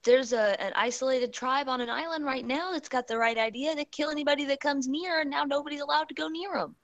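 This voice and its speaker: A woman's voice: high voice, quick pace. A young woman speaking as a guest in a casual panel chat, blunt and joking. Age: young adult.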